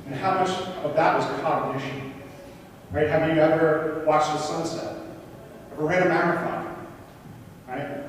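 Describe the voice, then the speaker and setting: A man presents at a conference, his fairly high voice ringing through a large, echoey hall. He was recorded from a distance and keeps throwing questions to the crowd in an animated way. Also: slight background noise. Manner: questions the audience, rhetorical and animated. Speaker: conference speaker.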